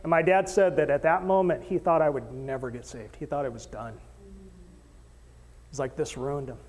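High-voiced male pastor in an echoing hall. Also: moderate pace. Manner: animated storytelling, acting out quoted voices, joking with the crowd. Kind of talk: sermon. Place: church stage in a hall.

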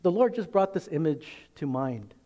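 Very animated at a moderate pace, this pastor speaks in a fairly high, mellow voice. He preaches in a conversational style, asking the congregation rhetorical questions and acting out small scenes in different voices.

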